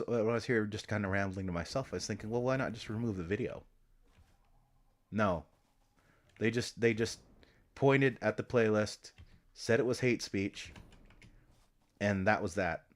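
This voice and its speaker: A man streaming, talking to himself in a meandering, casual way, swearing often and trailing off into restarts. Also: fairly low pitch. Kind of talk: casual rambling stream talk.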